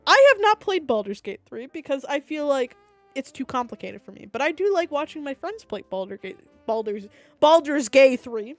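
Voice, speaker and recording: A woman VTuber giving casual, jokey let's-play commentary, excitable and quick to burst out loud while reading a game aloud. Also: sits high, no room sound, faint music behind. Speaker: VTuber streamer.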